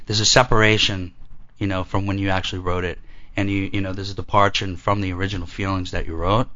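A man with a very low, deep voice, talking in a measured, reflective way. He sounds like a guest author at ease in conversation. The sound is dull and lo-fi. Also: level tone, pushed and bright. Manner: measured, reflective, slow when reading. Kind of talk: casual chat and poetry reading.

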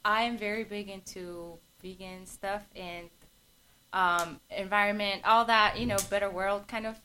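A young adult woman singer-songwriter, a guest in a casual interview, laughing easily and pausing with fillers. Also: mid-range voice, steady tone, pushed and bright, a little hiss or hum, low-quality recording.

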